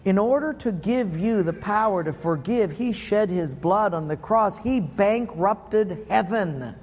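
A man's voice: sits high, lively intonation, a little slow, a little mellow, in a large hall. A man preaching a sermon, telling stories in a punchy, playful way. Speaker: pastor.

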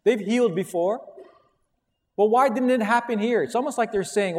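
A man's voice: high voice, moderate pace. A middle-aged man preaching a sermon as a pastor, telling stories with animation and acting out quotes. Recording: long hall reverb.

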